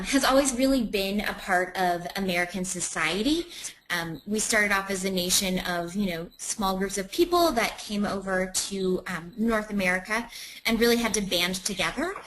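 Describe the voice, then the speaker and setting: A woman's voice: medium pitch, a bit bright, a little hiss or hum, rough recording. A woman presenting a webinar in a chatty way, with many ums.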